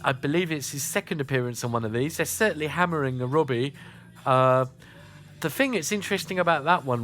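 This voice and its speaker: A man from South East England with a Kent and Sussex accent chats casually between songs as a radio host, dropping in lots of "uh" fillers. His voice is on the high side with a fairly bright tone.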